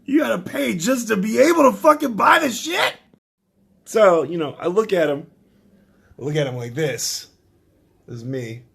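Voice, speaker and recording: Guy riffing through a sweary funny story, loud bursts then mumbles. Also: animated, normal speed, gravelly, long pauses, breathy edge. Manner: profane, rambling, swings between loud outbursts and low mutters. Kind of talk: comic storytelling.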